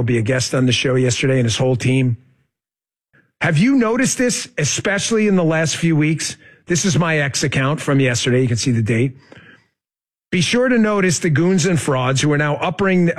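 A middle-aged man hosting a political podcast, urging listeners in an emphatic monologue. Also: on the high side. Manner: urgent, emphatic, addresses listeners as folks. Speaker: podcast host.

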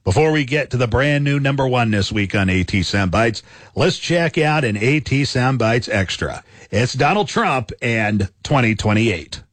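A man's voice: mid-range voice, lively intonation, moderate pace, a bit bright, no room sound. A man hosting a scripted radio countdown of soundbites in a punchy announcer style.

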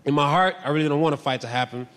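A male stand-up comedian telling stories in an animated, boisterous, self-mocking way. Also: a little high, very fast, in a large hall. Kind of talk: stand-up storytelling.

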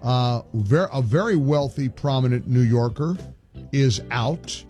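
A man's voice: mid-range voice, a little slow, warm tone, soft background music. A male talk show host giving indignant, emphatic political commentary, often restarting his sentences.

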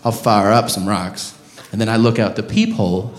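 A man voicing a laid-back, crack-smoking male driver, talking low and slow and dreamy. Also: steady tone, background noise, close to an everyday voice. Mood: drawling. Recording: reverberant live club with audience.

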